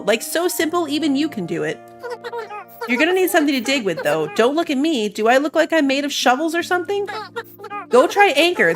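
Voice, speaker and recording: A woman reading a snarky, sneering island guide. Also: high voice. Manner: sarcastic and dismissive.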